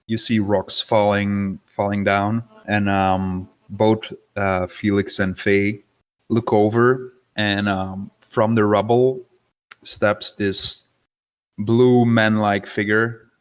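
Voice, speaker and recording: A man describing a tabletop game scene in a halting way, with many ums and pauses. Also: on the low side, level tone, smooth. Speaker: player.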